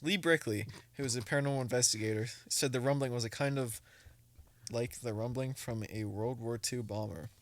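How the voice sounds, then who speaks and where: A man's voice: medium pitch, brisk, dry recording. A young man hosting a casual podcast, joking and reading reports aloud to his friends. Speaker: podcast host.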